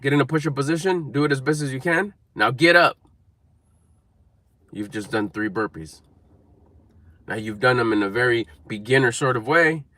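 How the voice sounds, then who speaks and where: A man's voice: medium pitch, normal speed, pauses often, bright, forceful tone, no room sound. A man giving an emphatic, repetitive motivational talk to camera, coaching viewers. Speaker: motivational speaker.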